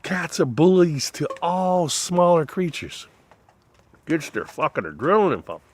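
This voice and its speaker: A man in a rambling, profane monologue whose voice swings between loud outbursts and low mutters. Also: big pitch swings, a little slow.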